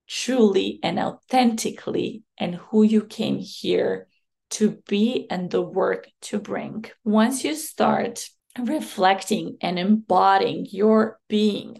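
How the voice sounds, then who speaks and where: A woman hosting a solo podcast, speaking in a hoarse voice with a slow, reflective, motivational manner. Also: mid-range voice, a little mellow. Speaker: podcast host.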